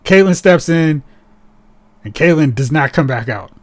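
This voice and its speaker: Animated, sarcastic man on a podcast. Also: fairly high pitch, unhurried. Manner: animated and sarcastic, mocking characters in put-on voices. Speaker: podcast host. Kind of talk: casual podcast chat.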